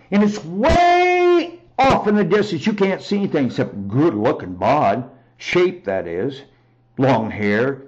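A man giving a rambling, emphatic personal testimony on a talk show, often raising his voice to near shouting. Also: high-pitched, muffled recording.

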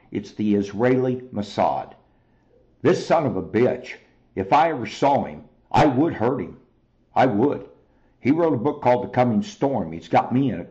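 A man's voice: fairly low pitch, mellow, highs cut off. A man hosting a talk show, delivering an angry, profane monologue straight to his listeners. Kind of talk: heated monologue.

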